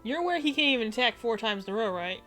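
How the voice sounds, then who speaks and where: A woman's voice: a little high, animated, fast talker, a bit bright, faint music behind. A woman streaming a video game, chatting casually with a dry, sarcastic wit. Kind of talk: casual gameplay chat.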